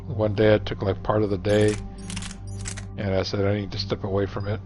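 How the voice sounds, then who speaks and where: Middle-aged man, deep-ish voice, profane wisecracking gamer chat, muffled lo-fi audio, soft music bed. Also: monotone, fairly quick. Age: 40s or 50s. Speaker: gamer streaming. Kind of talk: casual rambling gaming chat. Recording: dull lo-fi recording, faint music.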